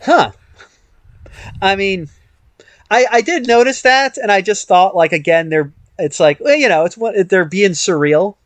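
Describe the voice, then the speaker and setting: High-voiced man musing aloud. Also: a little slow, no room sound. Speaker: podcast co-host. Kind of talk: casual discussion.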